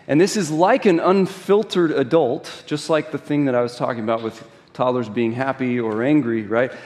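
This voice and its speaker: Animated male pastor in a reverberant hall. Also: on the high side. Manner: conversational, animated storytelling with rhetorical questions. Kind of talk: sermon. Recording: long reverb of a large hall.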